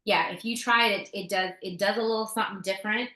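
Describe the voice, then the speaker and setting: A woman's voice: medium pitch, steady tone, fast, bright, forceful tone. A woman co-hosting a casual talk show, telling a story in a chatty way, with fillers and restarts. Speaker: podcast co-host sharing essential oil tips. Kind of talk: casual chat. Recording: roomy echo.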